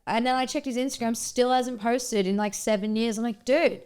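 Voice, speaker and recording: An Australian woman hosts a podcast, chatting casually. She tells stories in an animated way and laughs often. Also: fairly high pitch, a little fast, clear, resonant tone. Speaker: podcast host. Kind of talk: casual chat.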